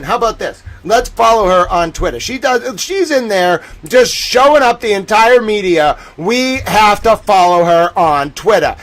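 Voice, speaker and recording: An excitable male host riffing through a livestream commentary. He rambles and circles back to the same phrases, with a fairly high-pitched voice for a man.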